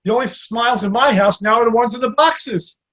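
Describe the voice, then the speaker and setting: A man closing a stand-up set of one-liners over a video call, with slow, drawn-out delivery. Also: extremely high pitch, a bit bright. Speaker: stand-up comedian.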